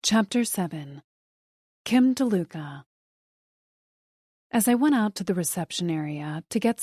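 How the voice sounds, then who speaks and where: A woman narrating a first-person thriller audiobook in a steady, measured way. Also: medium pitch, no room sound, studio quality.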